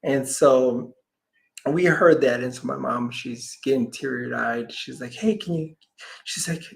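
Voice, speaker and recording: A man's voice: mid-range voice, unhurried, vocal fry. A man, a healer guest on an interview show, telling a long personal story and acting out the voices of the people in it, sometimes dropping almost to a whisper. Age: adult parent. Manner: animated storyteller, acts out quoted voices, drops to near whispers.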